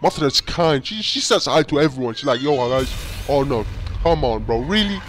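A man hosting a reaction channel, giving excitable commentary and talking straight at the screen. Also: a little high, fairly quick, faint music behind. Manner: excitable, talks to the screen with "yo" and "bro".

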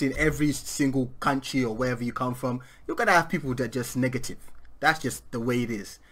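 A man's voice: medium pitch, a bit bright. A man hosting a reaction video, talking in slangy, laughing banter. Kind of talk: casual reaction commentary.

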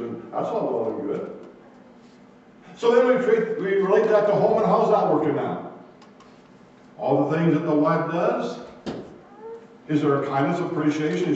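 A man preaches in a folksy, questioning way, his voice sitting a little high. He is picked up from a distance in a large, echoing church, so the sound comes through muffled and dull. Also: a little mellow, a little hiss or hum. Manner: folksy, asks the congregation questions. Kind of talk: sermon. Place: church sanctuary. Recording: echoey hall, distant mic, muffled.

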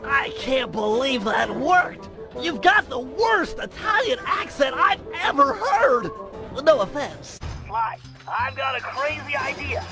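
A brainy turtle sidekick from a video game, his voice pitched very high and thin over game music. He frets and explains things quickly, like a nervous know-it-all. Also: very animated, heavily acted. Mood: excited. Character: nerdy anxious male turtle genius sidekick.

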